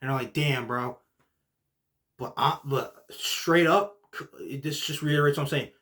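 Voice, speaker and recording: Excitable young man recapping wrestling. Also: unhurried. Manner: excitable, swings from low muttering to shouting; heavy use of filler like "like" and "literally". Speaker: podcast host.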